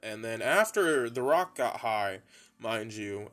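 A man's voice: lowish voice, expressive, slow pace, a bit bright. A young man telling rambling, profane stories in a casual monologue, laughing and mimicking his friends. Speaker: podcast host telling stories. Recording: faint music bed behind.

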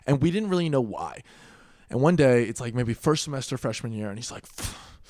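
A young man in his twenties telling wild party stories in casual chat, swearing a lot and acting out quotes loudly. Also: medium pitch, lively intonation, brisk, dry recording, studio quality.

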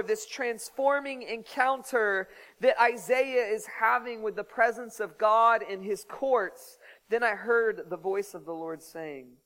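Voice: mid-range voice, unhurried, a bit bright, long reverb tail, rough recording. A preacher delivering a sermon in an earnest tone, reading scripture aloud with dramatic emphasis and slipping into conversational asides.

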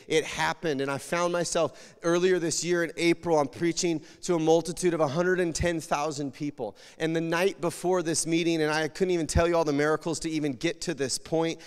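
A man preaches with tears close to the surface, his slightly high voice rising into loud pleas and dropping to hushed near whispers. His words ring out in a large church hall with a long, trailing reverb. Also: smooth. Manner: emotional, swings from loud pleading to near whispers. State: tearful. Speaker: pastor. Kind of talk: sermon.

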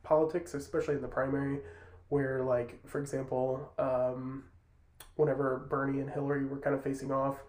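A man as a podcast guest in casual chat, talking quickly and filling with "like". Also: mid-range voice, level tone, a little mellow. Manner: fast talker, says "like" often. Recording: roomy echo.

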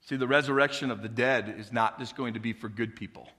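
Male pastor, fervent sermon, bright ringing voice, church auditorium with long reverb. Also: mid-range voice, fairly quick. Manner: preaching with rising fervor and call-and-response questions.

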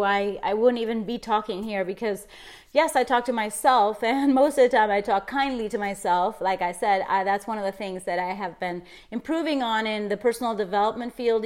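A middle-aged woman hosting her own podcast, talking casually and effusively about gratitude and self-talk, laughing often. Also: mid-range voice. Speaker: podcast host. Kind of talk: casual motivational monologue.

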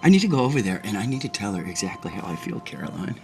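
A man's voice: on the low side, very animated, racing, darkish tone. A furious, protective father. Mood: angry insistent. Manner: insistent, heated. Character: angry protective father, middle-aged man. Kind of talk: film drama acting. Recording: movie clip with music behind.

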